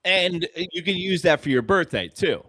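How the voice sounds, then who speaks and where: Animated, bright-voiced male sports stream host. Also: high voice, moderate pace. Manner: animated, profane storytelling with excited play calls. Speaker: host of a fan sports show. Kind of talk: live baseball reaction stream.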